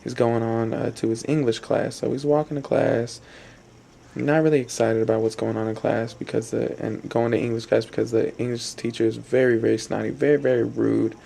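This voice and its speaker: A young man tells a story, circling back and repeating himself. His voice is gravelly and mellow, and he speaks in a flat, level tone. A faint background noise sits under it. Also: medium pitch, fairly quick. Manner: rambling, repetitive, with fillers and restarts. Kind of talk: spoken storytelling.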